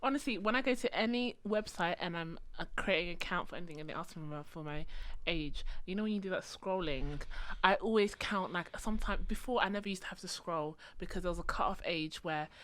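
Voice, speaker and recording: A woman's voice: lowish voice, brisk, fairly bright tone. A young woman co-hosting a casual podcast chat, speaking in a wry, teasing way. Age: young adult. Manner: wry, teasing, laughs a lot. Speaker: podcast co-host.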